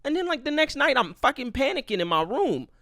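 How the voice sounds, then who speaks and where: A man's voice: extremely high pitch, very animated, brisk, sharp tone, no room sound, studio quality. A young man hosting a casual solo podcast, rambling and profane, joking at his own expense. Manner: profane, rambling, self-deprecating. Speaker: podcast host.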